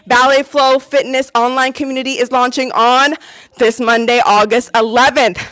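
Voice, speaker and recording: Woman, high voice, upbeat fitness instructor, counting reps, out of breath, faint music behind. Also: unhurried, fairly bright tone. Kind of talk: live workout coaching. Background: workout music.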